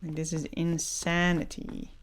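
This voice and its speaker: A woman's voice: fairly low pitch, monotone, takes it slowly, a little hiss or hum. A woman, not a native English speaker, casually commenting on a game, swearing a lot and ranting, breaking into laughs. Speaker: gaming streamer.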